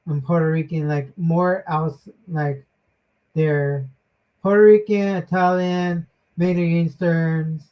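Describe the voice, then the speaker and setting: A woman host speaks slowly and haltingly, pausing to search for her words. Her voice sits fairly low. The recording is dull and lo-fi. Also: fairly even intonation. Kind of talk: casual chat. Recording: dull lo-fi sound.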